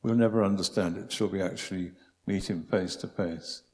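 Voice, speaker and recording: A man giving a preaching talk, telling stories in an animated, humorous way. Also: low voice, moderate pace. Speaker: speaker. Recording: long hall reverb.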